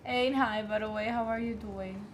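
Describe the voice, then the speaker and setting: A woman's voice: mid-range voice, fairly even intonation, moderate pace, slight background noise. A young woman with an Italian accent, a native Italian speaker, chatting casually through a game stream and talking to the characters on screen. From Italy. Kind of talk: casual gaming stream commentary.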